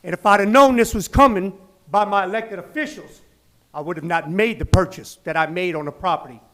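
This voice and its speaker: A high-pitched man addresses a city council. He is angry and indignant, his voice shaking as he rises into loud outbursts. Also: fairly quick. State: shaking with anger. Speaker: business owner speaking at public comment. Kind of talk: public comment at a city council meeting. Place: council chamber.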